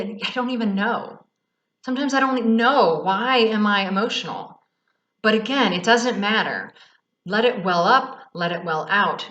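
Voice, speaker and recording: A woman with a low, bright voice gives casual spiritual advice in a frank, earnest way, swearing now and then. Her voice carries a roomy echo. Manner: frank and earnest, with loose fillers and cursing. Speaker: Reiki practitioner and vlog host.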